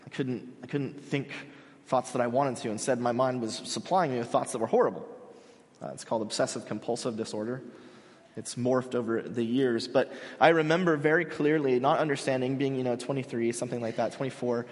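A young man in his twenties preaching a sermon, earnest and halting, with frequent restarts. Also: mid-range voice, in a large hall. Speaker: pastor.

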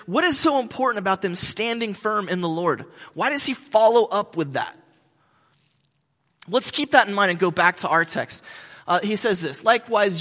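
A pastor preaching a sermon in a conversational way, with joking asides. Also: male voice, sits high, sharp tone, in a large hall.

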